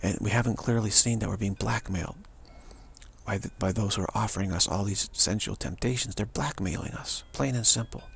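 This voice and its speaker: A man's voice: lowish voice, creaky, a bit bright, husky. A man giving an earnest, rambling spiritual monologue, repeating himself and restarting sentences often. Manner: earnest, repetitive, halting with many restarts. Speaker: spiritual speaker.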